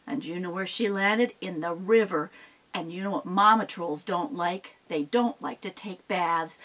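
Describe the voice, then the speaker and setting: A woman telling a folk tale aloud in an animated, expressive way, with sound effects. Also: lowish voice, normal speed, rough recording. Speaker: storyteller. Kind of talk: oral storytelling performance.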